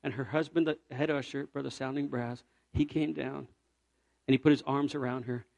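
A man from Puerto Rico preaching a sermon as a traveling evangelist, telling a story and swinging from loud cries to hushed, near-whispered moments. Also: medium pitch, steady tone, normal speed, vocal fry, no room sound.

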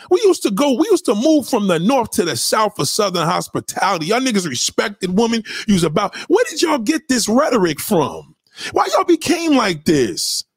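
High-pitched New man ranting hard. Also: slightly rough, dry recording, studio quality. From New York City. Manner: profane, loud, lecturing, rhetorical questions; swings pitch widely for emphasis. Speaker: commentator. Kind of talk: heated ranting commentary.

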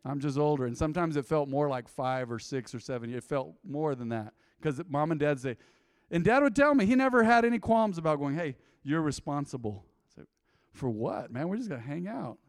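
A man's voice: on the high side, animated, a little fast, no echo, studio quality. Man preaching. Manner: call-and-response preaching, swings loud and quiet. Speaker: pastor. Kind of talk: sermon. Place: church with live congregation.

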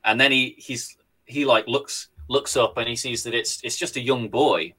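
A man co-hosting a comedy podcast, spinning a silly story with frequent laughs and quick bursts of character voices. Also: mid-range voice, fairly even intonation, pushed and bright, slightly rough. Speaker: podcast co-host.

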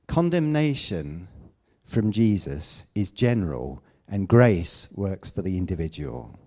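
Male preacher, slow delivery, low mellow voice, emphatic sermon with quiet asides. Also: big pitch swings. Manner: emphatic, rises to loud declamation then drops to asides.

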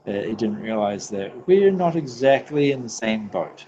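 A man from New Zealand with a New Zealand accent talks in a loose, laughing way, cursing and restarting his sentences as he goes. His voice sits fairly low. The recording is dull and lo-fi, with a faint hiss of noise underneath. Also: expressive, warm tone. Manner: laughs often, swears freely, halting restarts. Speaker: podcast guest. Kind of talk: casual podcast chat.

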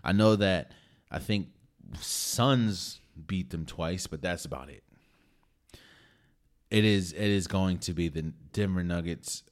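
A man's voice: sits low, takes it slowly, long pauses. A man hosting a podcast, talking through his sports opinions casually and emphatically, with frequent restarts. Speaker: podcast host.

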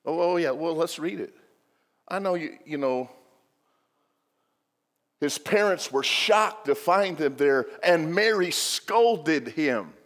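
A man's voice: fairly high pitch, lively intonation, slow pace, pauses often, fairly bright tone, long reverb tail. A male pastor giving a sermon in a church, telling the story with humor and joking asides.

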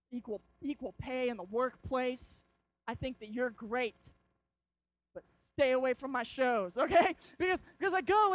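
Young male preacher, high voice, energetic anecdotal sermon delivery. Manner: animated storytelling, acts out shouts and quotes.

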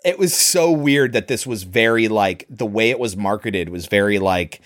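A man in his thirties co-hosting a movie podcast, animated and sarcastic, swearing often in casual chat. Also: on the low side, normal speed. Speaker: podcast co-host.

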